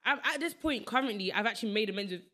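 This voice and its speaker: A young woman hosting a podcast, asking quick, probing questions in casual chat. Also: medium pitch, lively intonation, bright, forceful tone. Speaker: podcast host.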